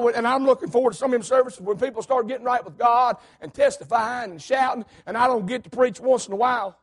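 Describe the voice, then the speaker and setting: High raspy preacher man. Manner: emphatic preaching, swings between hollering and low asides. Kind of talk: fiery sermon.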